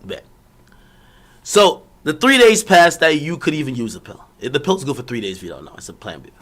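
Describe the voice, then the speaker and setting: A young streamer telling a personal story as a casual rant, loose and full of slang and swearing. His voice sits a bit high and swings widely up and down. The tone is bright and forceful. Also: a little fast. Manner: animated, rambling, profane, slangy.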